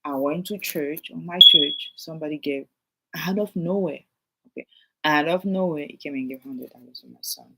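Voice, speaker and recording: A woman's voice: sits low, normal speed, slight background noise. A woman in her thirties, a realtor and native French speaker with a French accent, talking casually and emphatically to her viewers in a vlog. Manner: animated, repetitive, emphatic, addresses viewers directly. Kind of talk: casual vlog talk to camera.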